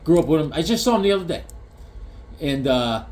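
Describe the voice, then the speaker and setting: A man's voice: on the high side, animated, brisk, a little mellow. A man showing off his comic collection in a casual vlog, rambling through stories and landing joke punchlines. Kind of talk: casual show-and-tell with jokes.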